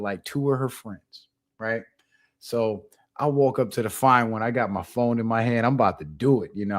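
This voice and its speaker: A young adult man hosting his channel, telling a funny story in a casual monologue, animated and profane, with laughs. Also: mid-range voice. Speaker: channel host.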